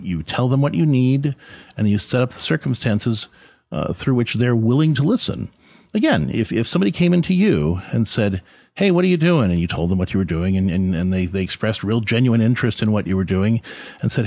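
A man's voice: fairly low pitch, a little mellow, dry recording. A man hosting a podcast, giving an earnest, conversational reflection on faith and parenting with frequent restarts. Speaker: podcast host and parenting speaker.

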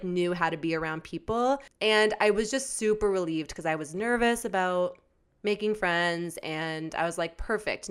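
A woman's voice: fairly low pitch, clean tone. A woman in her twenties co-hosting a podcast, chatting casually and teasing her friend as she tells stories. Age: 20s. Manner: animated storyteller who teases her friend. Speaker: podcast co-host. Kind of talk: casual chat.

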